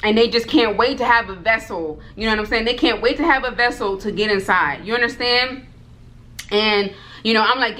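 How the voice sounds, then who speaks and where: A woman vlogger telling a personal story to her viewers, animated and repeating herself, talking straight to the audience. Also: fairly high pitch, moderate pace. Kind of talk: storytime vlog.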